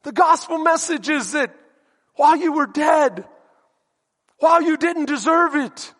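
High-voiced pastor preaching in a reverberant church. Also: male voice, lively intonation, unhurried, fairly bright tone. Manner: emphatic preaching with questions to the congregation. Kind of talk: sermon.

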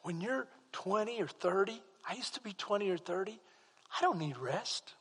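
Casting: high, bright-toned male preacher, impassioned, heard with long hall reverb. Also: animated, moderate pace, husky. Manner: impassioned preaching that rises to shouts. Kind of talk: sermon.

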